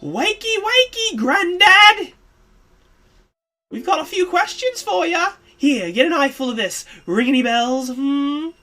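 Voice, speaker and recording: A streamer voicing a brash, pushy young female thief from a text game, loud and taunting. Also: mid-range voice, animated, moderate pace, pitched above the performer's own voice, lightly acted. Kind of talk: reading a text game aloud.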